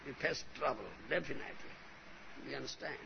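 A man's voice: medium pitch, fast talker, vocal fry. A man delivering a devotional sermon, emphatic and often checking in with "huh?" and "you understand?". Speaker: spiritual teacher. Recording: dull lo-fi recording with faint hiss.

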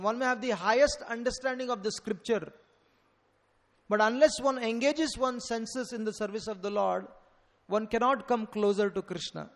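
A man with a notably high voice delivers a devotional lecture. He tells his stories earnestly and leans hard on the key words. His voice rings with a long reverb, as if recorded in a large hall. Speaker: preacher.

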